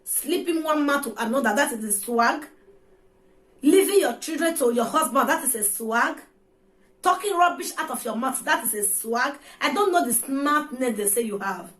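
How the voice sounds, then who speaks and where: Scolding Nigerian woman, high voice. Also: animated, moderate pace, fairly bright tone. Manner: scolding, preachy and repetitive; mixes Pidgin and Yoruba into her English. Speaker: vlogger. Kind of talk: ranting vlog monologue.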